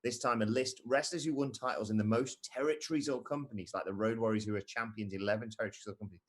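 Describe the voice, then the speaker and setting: A man's voice: on the low side, fairly even intonation, fast talker. A young man co-hosting a live stream, casually reading viewer comments aloud with jokey asides.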